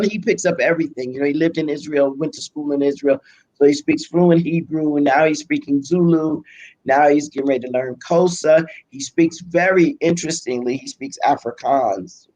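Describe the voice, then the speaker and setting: An older woman with a Brooklyn accent, chatting as an interview guest, self-deprecating and quick to laugh. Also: low-pitched, a little mellow, low-quality recording. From Brooklyn, United States. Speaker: pastor and biblical scholar, guest. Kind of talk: casual conversational interview.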